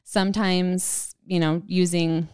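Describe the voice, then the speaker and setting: A woman's voice: on the low side, flat delivery, takes it slowly, darkish tone, smooth, no room sound, clean studio sound. Friendly woman wellness coach explaining. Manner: friendly, explanatory, laughs easily. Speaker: wellness coach, podcast guest. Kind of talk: casual wellness podcast chat.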